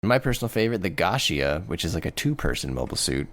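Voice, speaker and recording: Low-voiced man, chatty podcast co-host. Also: very animated, fast talker, a bit bright, a little hiss or hum. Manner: enthusiastic, rambling summary with frequent laughs. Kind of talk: casual podcast chat.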